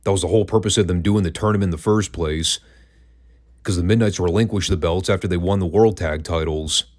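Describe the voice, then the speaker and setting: A man's voice: low-pitched, fairly quick, darkish tone. A man hosting a wrestling podcast, reviewing old matches in a casual, dry and sarcastic way.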